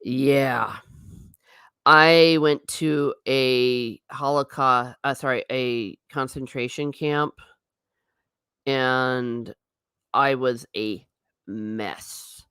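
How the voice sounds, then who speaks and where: A woman's voice: extremely low pitch, steady tone, extremely slow, long pauses, a bit bright, smooth, no room sound, studio quality. A woman from the United States hosting a casual livestream, chatting and rambling, reading viewer comments aloud and laughing often. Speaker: livestream host reading chat.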